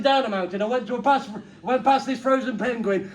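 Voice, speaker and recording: A middle-aged man performing a comedy magic act, bantering playfully with the crowd and breaking into sudden loud bursts. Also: sits high, expressive, fairly quick, few pauses.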